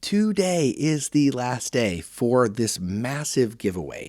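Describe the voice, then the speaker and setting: A man's voice: mid-range voice, animated, slow, darkish tone, dry recording, clean studio sound. A man from the United States hosting a podcast in a folksy, chatty, casual monologue. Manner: folksy and chatty, says y'all. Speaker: podcast host.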